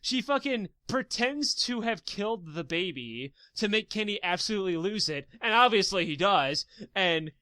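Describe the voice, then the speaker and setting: High, bright-voiced ranting podcast man. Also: animated, moderate pace, hardly any pauses, dry recording. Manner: profane, ranting, heated storytelling. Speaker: podcast co-host. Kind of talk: casual gaming podcast chat.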